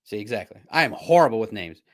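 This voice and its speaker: A man's voice: on the low side, animated, fast, fairly bright tone. A man hosting a casual sports livestream, rambling and self-deprecating, often laughing at himself. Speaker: sports podcast host and reporter.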